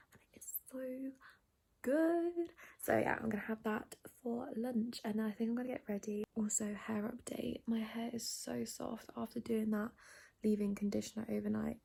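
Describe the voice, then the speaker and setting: Softly chatting woman with gravelly fry. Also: on the high side. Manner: soft, often half-whispered chatter. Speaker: vlogger. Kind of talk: casual day-in-the-life vlog chat. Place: bedroom at home. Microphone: phone camera.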